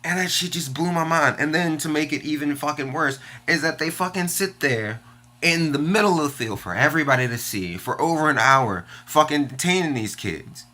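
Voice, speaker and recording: A man's voice: on the high side, expressive, normal speed, pushed and bright. A young man ranting bluntly and angrily in a personal vlog, swearing often as he vents his frustration. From Washington, D.C. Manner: profane and frustrated, venting bluntly. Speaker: vlogger. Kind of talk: angry personal vlog rant.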